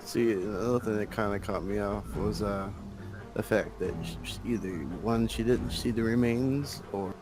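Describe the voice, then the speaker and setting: A man's voice: on the low side, steady tone, moderate pace, over music, rough recording. A man playing a tabletop game, chatting casually and speculating aloud about the plot. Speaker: player. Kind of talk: casual chat among tabletop players.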